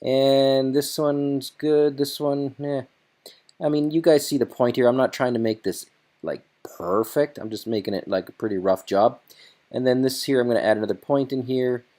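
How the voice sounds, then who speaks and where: Man, tutorial host, casual, chatty, thinking aloud, mid pitch. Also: moderate pace, mellow. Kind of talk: casual screen-recorded tutorial.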